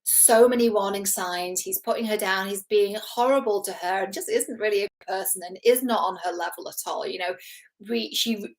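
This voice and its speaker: A woman's voice: mid-range voice, moderate pace, low-quality recording. Chatty, earnest woman relationship coach. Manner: chatty and earnest, acts out quotes, laughs at herself. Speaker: relationship coach reacting to a TV series. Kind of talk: casual commentary to camera.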